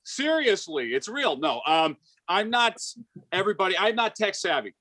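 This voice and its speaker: A man's voice: high-pitched, moderate pace. Hyper stammering man in his forties. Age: 40s. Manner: hyper, animated, stammering restarts. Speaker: stand-up comedian. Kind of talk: stand-up set.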